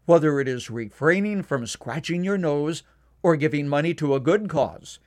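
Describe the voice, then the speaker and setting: A man delivering a scripted devotional radio commentary in a measured, earnest way, slowing down to stress key points. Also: on the high side. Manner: measured, earnest, slows down for emphasis.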